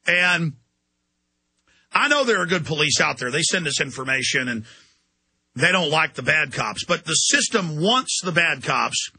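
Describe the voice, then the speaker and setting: A man hosting a call-in radio show, ranting forcefully at his callers from a studio microphone. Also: fairly high pitch, sing-song, unhurried, slightly rough, dry recording. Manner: forceful, ranting, mocks others in put-on voices. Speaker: radio talk show host.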